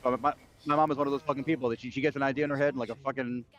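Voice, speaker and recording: A man's voice: medium pitch, level tone, very fast. A man streaming, telling a long story as a profane, ranting chat. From United States. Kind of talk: casual livestream chat. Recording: dull lo-fi mic.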